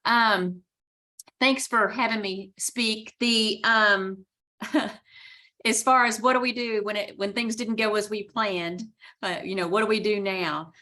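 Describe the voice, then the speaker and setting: Woman coach on a video call, mid-pitched, chatty and reassuring. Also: steady tone, takes it slowly, pushed and bright. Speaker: guest speaker, coach. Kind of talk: casual motivational talk on a video call.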